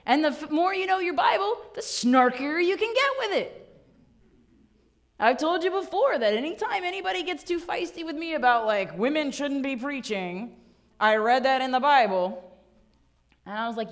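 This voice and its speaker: Woman pastor, sermon delivery, storyteller who slips into voices, a bit high-pitched. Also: expressive, normal speed. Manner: storytelling, playful, acts out voices in quotes.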